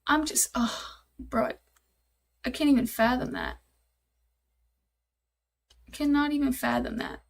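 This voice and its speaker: A woman's voice: sits high, gravelly, darkish tone, husky. A young woman live-streaming while she codes, thinking aloud, repeating herself, and talking to her chat in casual, easily exasperated chatter.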